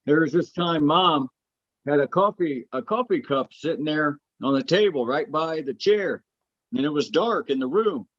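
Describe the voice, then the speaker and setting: Animated storyteller man, dull lo-fi sound. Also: on the high side, normal speed. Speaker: podcast co-host. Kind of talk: casual family storytelling chat.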